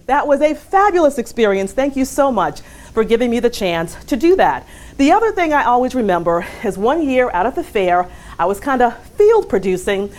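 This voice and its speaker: Lively woman giving a farewell message. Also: fairly high pitch. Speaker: coworker.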